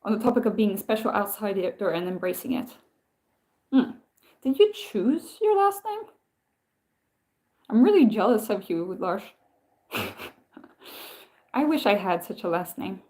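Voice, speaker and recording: Swedish woman hosting a casual livestream, unhurried and soft-toned, thinks aloud with fillers. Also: medium pitch. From Sweden. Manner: rambling, musing, frequent "like" and "um". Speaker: livestream host.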